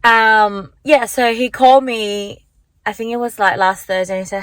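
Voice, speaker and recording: A woman's voice: mid-range voice, steady tone, normal speed, fairly bright tone, no room sound. A young woman vlogging casually into her phone from her car, chatty and rambling, full of likes and restarts. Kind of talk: casual chat to camera. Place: parked car. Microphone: handheld phone.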